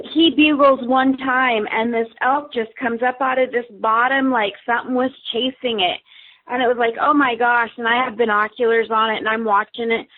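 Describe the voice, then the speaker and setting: A woman guest telling a story in casual chat, acting out what people said. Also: a little high. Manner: lively, acts out quoted dialogue. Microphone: phone. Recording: tinny phone line.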